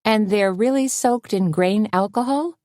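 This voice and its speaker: A woman voicing a calm, level-headed café owner in an audiobook, speaking evenly and dryly. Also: medium pitch, dry recording, voice pushed up, lightly acted. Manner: even, dry and measured.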